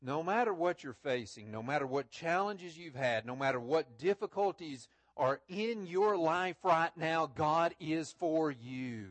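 A man preaching a Sunday sermon in church, often repeating words and rising to loud, stressed phrases. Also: fairly high pitch, animated, a little slow, hardly any pauses, no echo. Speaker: pastor. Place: church sanctuary.

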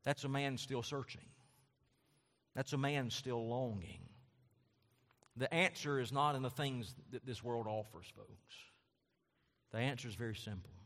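A man preaching a sermon as pastor, with impassioned delivery that repeats phrases and swells into loud, high-pitched emphasis. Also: unhurried, long pauses. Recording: long hall reverb.

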